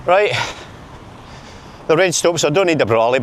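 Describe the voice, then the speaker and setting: A man's voice: a little high, animated, moderate pace, pauses often, slight background noise. A man with a Glaswegian Scottish accent chatting jokily to viewers while walking outdoors, filming himself on a handheld camera. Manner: chatty, jokey, talking to viewers. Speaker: vlogger. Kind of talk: casual walking vlog chat. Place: outdoors on city streets.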